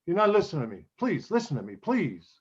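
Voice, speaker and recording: A man's voice: high voice, wildly swooping pitch, breathy edge, muffled recording, heavily acted. A man playing a desperate pleading husband. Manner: pleading, halting repetitions. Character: desperate young husband pleading with his wife. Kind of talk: acting class scene reading.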